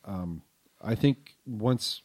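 A man's voice: on the low side, lively intonation, very slow, a little mellow. A middle-aged man with a stuffed-up nose co-hosting a casual podcast, rambling, with frequent ums and restarts. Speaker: podcast co-host.

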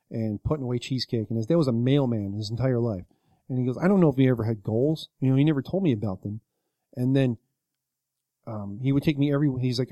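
A man's voice: mid-range voice, dark tone, no echo. A man on a podcast casually retelling a story, rambling with many fillers and acting out what people said. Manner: rambling retelling with many likes and quoted voices. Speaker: podcast co-host.

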